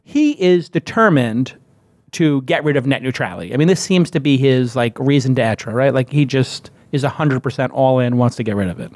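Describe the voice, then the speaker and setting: A man hosting a tech news roundtable, upbeat and quick with short interjections. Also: medium pitch, lively intonation, darkish tone, dry recording. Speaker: host. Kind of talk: casual roundtable chat.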